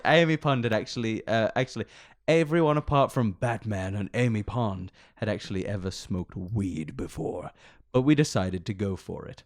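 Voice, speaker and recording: A man's voice: lowish voice, normal speed, no room sound, clean studio sound. A male podcast host reading a story aloud in a rambling, giggly way, often breaking into laughter. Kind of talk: casual comedic chat and story reading.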